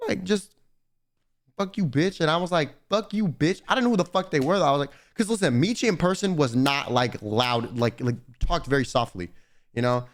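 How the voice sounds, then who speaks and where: A male streamer with a slightly higher-pitched voice tells a loose, rambling story to his viewers. He swears freely and stumbles through frequent restarts as he talks. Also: expressive, fairly quick. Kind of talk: casual storytelling to chat.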